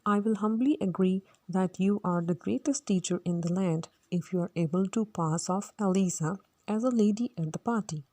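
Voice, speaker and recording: A woman reading the part of a genial gentleman army captain, who speaks in a measured, reassuring way. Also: mid-range voice, dry recording, lightly acted.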